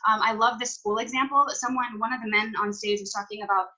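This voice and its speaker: A woman's voice: fairly high pitch, steady tone, quick pace, bright, forceful tone, low-quality recording. A young woman on a video call, casually recapping a conference in an emphatic, chatty way, repeating her key points. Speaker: team leader recapping a conference. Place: at home.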